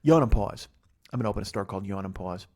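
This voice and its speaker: A middle-aged Chicago man hosts a solo podcast, rambling quickly with plenty of swearing and self-mockery, barely pausing between thoughts. His voice is fairly low and a little mellow, and he stifles yawns between bursts of talk while speaking into a laptop mic in his living room.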